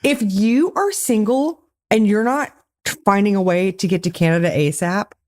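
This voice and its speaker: A woman's voice: mid-range voice, darkish tone. Woman co-host with playful banter. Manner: playful, quick-witted banter. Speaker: podcast co-host. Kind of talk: casual chat.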